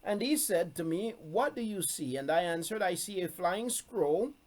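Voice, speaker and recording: This high-pitched, expressive man talks at a normal speed while teaching from scripture. He reads verses out loud and drives his key points home through emphatic repetition, streaming from a room over a video call.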